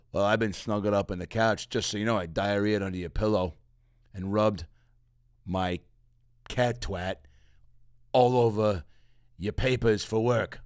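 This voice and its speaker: A man voicing a jaded, judgmental house cat who drawls sarcastic scolding in a gravelly voice. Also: lowish voice, darkish tone, dry recording, studio quality, close to an everyday voice.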